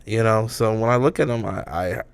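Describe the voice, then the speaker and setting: Speaking briskly with a low-leaning voice and vocal fry, this young podcast co-host keeps the chat casual and relaxed, cursing freely and laughing a lot. The tone is clean and there's no echo.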